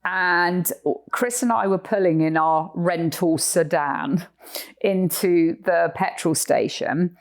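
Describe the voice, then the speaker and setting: A middle-aged woman with an English accent, co-hosting a podcast and telling stories in an animated way, acting out the people in them. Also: lowish voice, slow. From England. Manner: animated, acts out voices of people in her stories. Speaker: podcast co-host. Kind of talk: storytelling chat.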